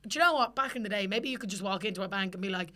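A woman's voice: mid-range voice, very fast. A young Irish woman co-hosting a podcast, chatting casually and laughing, swearing freely as she tells stories. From Ireland. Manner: lively, sweary, laughing storyteller. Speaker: podcast co-host. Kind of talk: casual chat.

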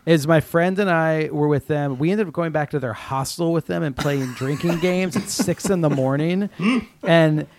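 A man's voice: a little high, moderate pace, very noisy. An American man co-hosting a podcast, telling stories in casual chat and acting out what his friends said. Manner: animated storytelling, acts out quoted friends. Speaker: podcast co-host.

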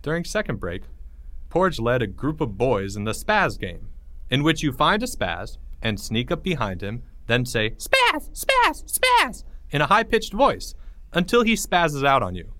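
A man reading a children's story aloud in a playful, expressive way. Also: mid-range voice, normal speed, dry recording. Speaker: narrator.

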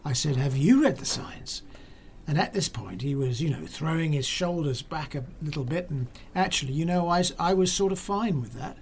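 Documentary anecdote, hospital worker, chatty, animated, faint ambient noise. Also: mid-range voice, brisk, few pauses.

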